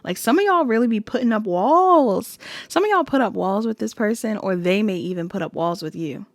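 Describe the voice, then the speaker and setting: A woman's voice: mid-range voice, expressive, brisk, dry recording. A young woman with features giving a casual tarot reading, chatty and laughing often. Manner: chatty, laughs often, drops into whiny quoted voices. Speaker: tarot reader.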